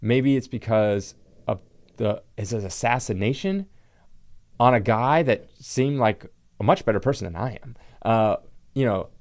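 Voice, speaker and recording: A man's voice: medium pitch, unhurried, darkish tone. A man hosting his own channel, talking to camera in an indignant, rambling way and leaning on the word "like". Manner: indignant, rambling, heavy use of "like". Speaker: channel host, comic book collector. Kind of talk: casual opinion rant to camera.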